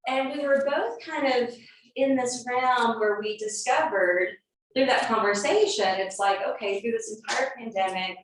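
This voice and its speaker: A woman's voice: fairly high pitch, normal speed. A middle-aged woman, a yoga teacher, giving a chatty, meandering talk before class with frequent ums and uhs. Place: large yoga studio. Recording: echoey studio from a distance, faint noise.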